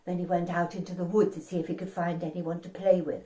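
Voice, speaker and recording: A woman's voice: lowish voice, level tone, quick pace, hardly any pauses, dark tone. A woman telling an interactive story to children, speaking directly to young listeners and inviting them to join in. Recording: roomy and distant.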